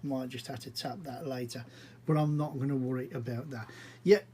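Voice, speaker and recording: A man's voice: mid-range voice, steady tone, heavy background noise. A man giving casual, rambling commentary as he narrates his own brick model build. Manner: chatty, rambling, unhurried, with frequent fillers.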